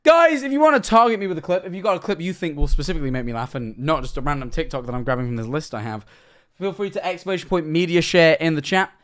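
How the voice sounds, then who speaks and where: Excitable swearing young streamer man. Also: fairly high pitch, fast talker. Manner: excitable, swears often, exclaims loudly. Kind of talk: live-stream reaction commentary.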